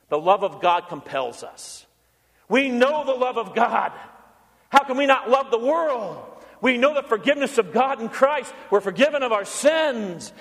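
A man's voice: sits high, a bit bright, big-room sound. A man preaching a sermon as pastor, earnest, now and then acting out the voices of people he quotes.

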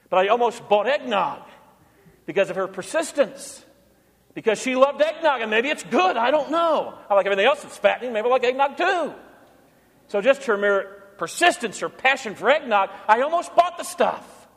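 A man's voice: very high voice, expressive, moderate pace, fairly bright tone, in a large hall. A man preaching a sermon as pastor, earnest, now and then acting out the voices of people he quotes.

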